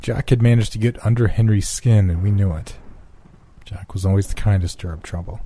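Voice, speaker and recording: A man narrating a scripted horror story in a measured, hushed storytelling manner on a close mic. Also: fairly low pitch, a little hiss or hum.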